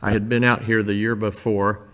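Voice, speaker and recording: An older man speaking informally to a church congregation, telling stories in a folksy, rambling way with many pauses. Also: lowish voice, level tone, a bit bright. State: emotional, voice dropping. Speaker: visiting church-building minister.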